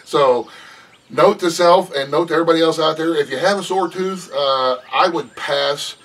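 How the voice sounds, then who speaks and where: A man's voice: on the high side, moderate pace, a bit bright, far from the mic. A middle-aged man chatting casually on his front porch, folksy and rambling, and he often laughs as he talks. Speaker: vlogger. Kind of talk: casual chat. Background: birds and passing traffic.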